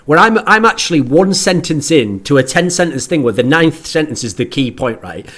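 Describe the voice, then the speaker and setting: A podcast host with a somewhat high voice rants in animated, swearing banter. He pushes his point hard, piles on example after example, and keeps talking in a loose, casual way. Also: moderate pace. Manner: animated, ranting, often slips into mock voices.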